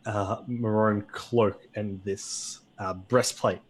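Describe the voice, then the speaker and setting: Brief: hesitant male game master narrating a tabletop game, slow and husky. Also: fairly low pitch, fairly even intonation. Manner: hesitant, many fillers.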